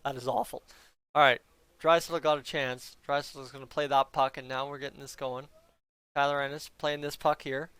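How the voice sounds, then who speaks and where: Chatty man, smooth dry voice. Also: mid-range voice, flat delivery, normal speed, fairly bright tone, dry recording. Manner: chatty, joking asides to viewers. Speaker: fan streamer reacting to a hockey game. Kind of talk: casual play-by-play reaction chat.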